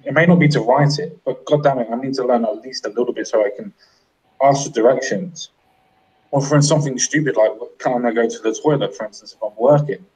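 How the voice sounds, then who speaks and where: A man's voice: mid-range voice, brisk, darkish tone, breathy edge, rough recording. A man in a casual chat, blunt and argumentative, swearing as he makes his points.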